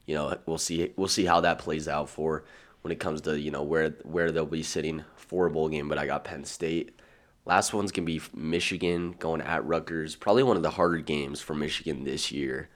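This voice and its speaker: Very deep-voiced man talking football. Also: flat delivery. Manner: chatty, dry humor, quick laughs. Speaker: podcast co-host. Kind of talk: casual sports chat.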